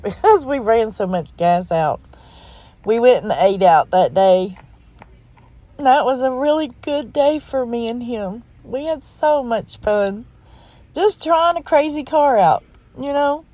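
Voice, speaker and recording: A woman's voice: fairly high pitch, warm tone, no echo. A middle-aged woman chatting in a casual, folksy voice-over, rambling and heartfelt as she tells a family story. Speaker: crafting vlogger.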